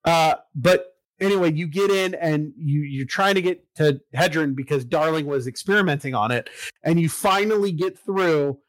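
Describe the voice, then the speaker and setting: A man in casual chat, recapping a video game story with lots of fillers and swearing, getting excited about it. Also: on the high side, normal speed, no echo, poor audio.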